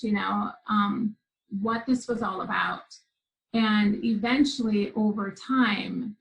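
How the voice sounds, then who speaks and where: A woman's voice: mid-range voice, low-quality recording. A woman guest telling a personal story in an interview, earnest and vivid, with frequent restarts. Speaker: guest, spiritual teacher.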